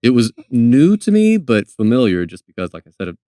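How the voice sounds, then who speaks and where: A man telling a story as a podcast guest, with a dry, deadpan humor. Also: mid-range voice, fairly quick, no room sound. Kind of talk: casual interview talk.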